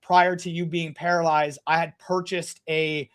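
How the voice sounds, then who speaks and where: A man's voice: fairly high pitch, flat delivery, measured pace, fairly bright tone. A young man telling stories in a casual podcast chat, blunt and full of swearing. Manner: blunt, profane storytelling. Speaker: guest.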